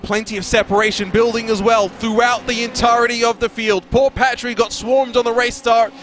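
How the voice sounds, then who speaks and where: A man calling an online race as lead commentator, fast and energetic, his voice going hoarse. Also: extremely high pitch, faint music behind. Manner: fast, energetic, rises in excitement. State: voice getting hoarse. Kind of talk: sim racing play-by-play commentary.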